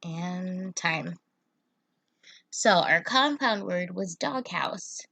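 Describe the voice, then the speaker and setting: A young woman teacher explains phonics to children slowly and patiently, one step at a time. Her voice sits a little low, and the recording is close and dry with no room sound. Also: lively intonation, creaky, pushed and bright, no echo. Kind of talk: online phonics lesson for children.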